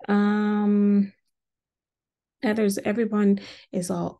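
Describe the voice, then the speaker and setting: A woman's voice: on the low side, takes it slowly, creaky, long pauses. A woman casually recapping a reality TV episode, chatty and acting out the quotes. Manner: chatty, acts out quotes in a lively voice.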